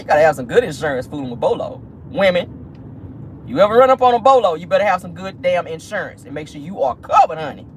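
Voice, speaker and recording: A woman's voice: medium pitch, slight background noise. Sassy woman gossiping in a car. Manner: sassy, calls listeners honey and child. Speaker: celebrity gossip vlogger. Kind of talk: casual gossip commentary. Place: inside a car.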